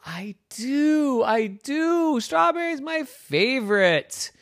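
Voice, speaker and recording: A man voicing an excited, chatty comet in a bedtime story, eager to help. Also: very high voice, slow, dry recording, studio quality, voice pushed up, heavily acted. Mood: delighted.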